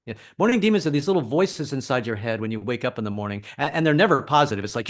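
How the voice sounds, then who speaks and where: A man's voice: medium pitch, animated, quick pace, few pauses. A middle-aged man doing a stand-up comedy set, wry and self-deprecating.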